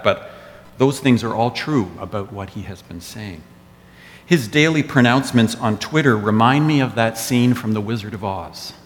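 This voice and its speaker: A man giving a sermon as pastor, telling stories with wry asides. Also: mid-range voice. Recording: echoey church hall.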